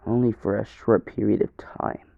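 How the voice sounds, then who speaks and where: A man voicing an unseen, apologetic inner voice in an improvised fan story, in his own low voice. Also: little pitch movement, moderate pace, creaky, no echo, narrow, tinny audio. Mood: solemn.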